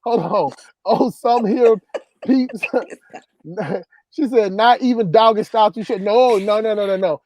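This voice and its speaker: A man's voice: sits high, unhurried, darkish tone, no room sound. A man hosting a casual livestream, reading chat comments and telling stories in a loose, repetitive, laughing way. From southern US countryside. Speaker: livestream host.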